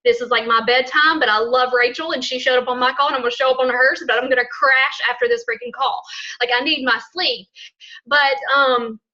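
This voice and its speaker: This woman in her thirties speaks with a strong Alabama Southern accent, sharp and bright in tone. She rambles through her story with excited laughs and quick asides. The sound comes through a dull, lo-fi call line. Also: sits high. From Alabama, USA. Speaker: guest speaker. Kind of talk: casual talk on a team call. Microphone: online call.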